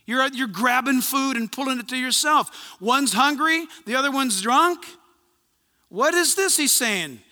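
A man's voice: very high-pitched, a little slow. A man preaching a sermon as pastor, telling stories animatedly and acting out conversations. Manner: animated storytelling, acts out conversations. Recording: long hall reverb.

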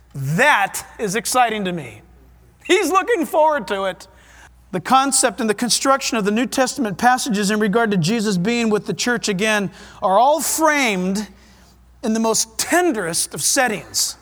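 Delivering a sermon with scripture readings, this man sounds high-pitched and fairly bright. He is fervent and emphatic, and his delivery shifts from rapid to stretched out.

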